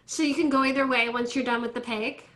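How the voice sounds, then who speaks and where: Bright high-voiced woman coaching violin tuning. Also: fairly even intonation. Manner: brisk, directive coaching with light laughs. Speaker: violin teacher. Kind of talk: online group class instruction. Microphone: video call. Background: faint violin notes from students.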